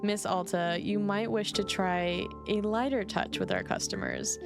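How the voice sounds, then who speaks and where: A woman reading the lines of a gentle male tea shop keeper who speaks calmly and politely, with slightly odd formal grammar. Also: mid-range voice, unhurried, gravelly, music in the background.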